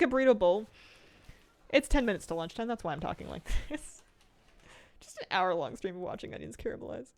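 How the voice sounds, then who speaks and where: A woman's voice: medium pitch, creaky. A woman game streamer in casual chat with her viewers, rambling and self-mocking and laughing often.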